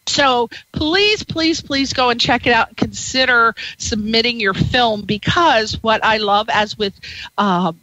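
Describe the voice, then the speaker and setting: A woman's voice: on the high side, unhurried, pushed and bright, no room sound, highs cut off. A middle-aged woman hosting a radio interview show, bubbly and flirtatious, hopping from topic to topic. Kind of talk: radio interview, chatty and playful.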